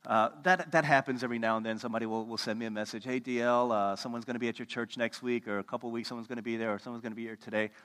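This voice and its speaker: A pastor in his thirties preaching a sermon, telling stories with sudden loud bursts and hushed, slow moments. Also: mid-range voice. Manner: animated storytelling, swings from loud to hushed. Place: church sanctuary. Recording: long reverb of a church hall.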